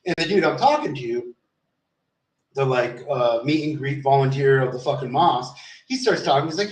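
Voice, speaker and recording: A man's voice: medium pitch, animated, normal speed. Profane rambling man streaming. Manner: profane, rambling, acts out quotes. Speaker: live streamer. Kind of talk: casual rambling storytelling. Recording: roomy sound, far from mic.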